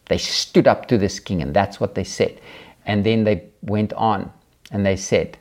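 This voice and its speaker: A man with a lowish voice preaches to his audience as the host of his own show. He speaks emphatically and keeps returning to pointed rhetorical questions. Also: moderate pace.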